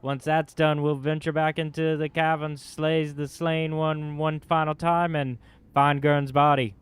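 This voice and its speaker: A man's voice: on the high side, level tone, measured pace, clear, resonant tone, natural voice. A man reading a bitter, grieving dwarf cleric. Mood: resolute. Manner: bitter, earnest.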